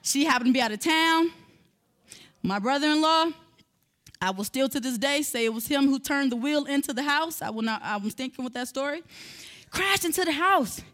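A woman's voice: high-pitched, moderate pace. A woman, giving a sermon-style talk and telling a personal story to her listeners. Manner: animated storyteller, addresses listeners directly. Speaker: speaker teaching on parenting.

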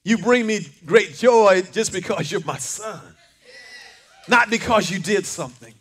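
A man's voice: high-pitched, a little slow, a bit bright, slightly rough. An older man preaching a sermon, fervent, with call-and-response lines and repeated words. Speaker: pastor.

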